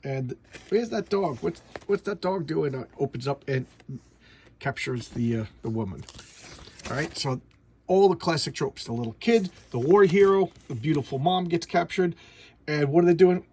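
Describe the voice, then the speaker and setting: A man's voice: fairly high pitch, animated, normal speed, mellow, slight background noise. A man casually reviewing a comic book at home, talking in a chatty way with many stumbling restarts.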